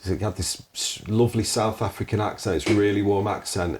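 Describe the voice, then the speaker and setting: A man, a podcast guest and radio presenter, telling animated stories. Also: lowish voice, fast, a little hiss or hum. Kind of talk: storytelling interview answers.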